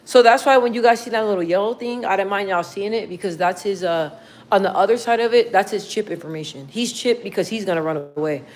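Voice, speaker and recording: A young woman chatting casually on a livestream, slangy and relaxed as she talks to her viewers and her dog. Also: mid-range voice, fast. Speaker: livestream host.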